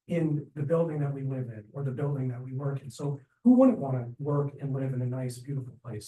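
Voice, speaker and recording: A man's voice: on the high side, a little mellow, far from the mic. A man speaking up as a resident at a community meeting, enthusiastic and rambling, with many fillers and restarts. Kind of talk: public comment at community meeting. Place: city meeting room. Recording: echoey meeting room, speaker off-mic.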